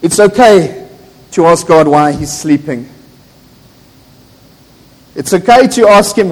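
A man's voice: a little high, expressive, slow pace, pauses often. A man, a pastor preaching an impassioned, emphatic sermon in a church. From South Africa. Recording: echoey church hall.

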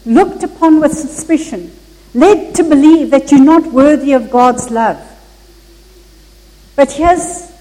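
A woman preaching a Christmas sermon, telling a story in an earnest, measured way with occasional slips. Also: sits high, a little mellow, long reverb tail, low-quality recording.

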